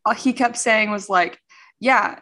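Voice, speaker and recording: A woman's voice: medium pitch, normal speed, a bit bright. A woman co-hosting a podcast, chatting casually with wry, teasing asides. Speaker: podcast co-host. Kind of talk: casual chat.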